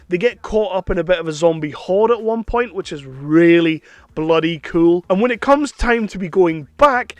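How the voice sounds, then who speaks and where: A man's voice: high-pitched, dry recording. A man giving an enthusiastic, chatty film review, sometimes slipping into playful impressions. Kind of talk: casual film review monologue.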